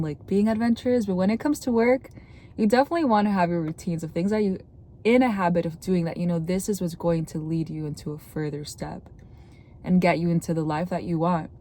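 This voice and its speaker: Young woman, sore throat, lowish mellow voice, earnest casual vlog chat. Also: a little hiss or hum. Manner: chatty, earnest, with many "like" fillers. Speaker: content creator. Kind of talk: casual talking-to-camera advice.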